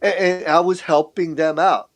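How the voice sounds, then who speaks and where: A man's voice: fairly high pitch, steady tone, normal speed. A man guesting on a podcast, telling a story in casual, profane talk, full of restarts and acted-out quotes of other people. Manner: profane, rambling, with repeated restarts. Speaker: podcast guest, street artist.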